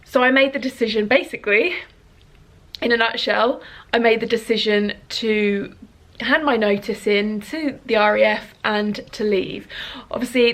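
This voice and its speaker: Her tone is fairly bright and a little high as this woman in her 30s vlogs at home. She chats to the camera earnestly, sniffling with emotion and rambling with fillers.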